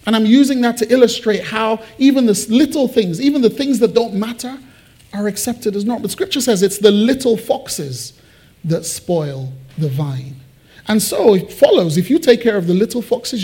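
A man preaching a sermon to his church, conversational and animated, with joking asides. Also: sits high, slightly rough. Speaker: pastor. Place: church building.

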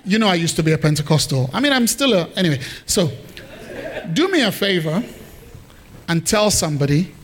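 A man preaching a sermon to a congregation, animated and humorous, calling for responses from the crowd. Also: high voice, a little fast, long pauses. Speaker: pastor.

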